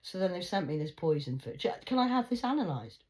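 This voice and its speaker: A woman with a low voice talks straight to her viewers in a rambling vlog. She swears freely and keeps throwing out rhetorical questions. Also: very animated, brisk, darkish tone. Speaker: vlogger.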